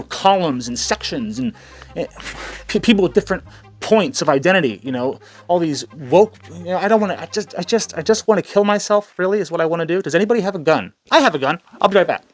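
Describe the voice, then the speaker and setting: A man's voice: high-pitched, expressive, fast talker. A man hosting a comedic commentary channel, ranting crudely with stammers and sarcastic jokes. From Middle East.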